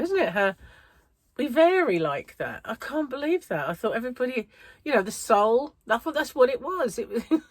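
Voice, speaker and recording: A woman's voice: a little high, no room sound. A woman from the United Kingdom, a crochet vlogger, chatting casually to her viewers in a rambling way with many fillers and frequent laughs. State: a bit out of breath. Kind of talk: casual chat to camera.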